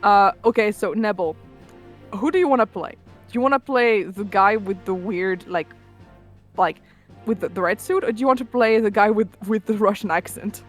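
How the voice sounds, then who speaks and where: A woman's voice: mid-range voice, normal speed, faint music behind. A woman handing out roles and chatting with friends during a game session, teasing and talkative. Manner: chatty, teasing, hesitant with fillers. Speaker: game organizer. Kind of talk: casual game-night chat.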